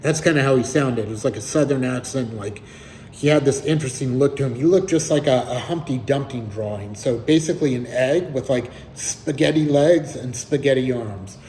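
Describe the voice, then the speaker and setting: Mellow-voiced man telling a story. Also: mid-range voice, moderate pace, rough recording. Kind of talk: casual spoken storytelling.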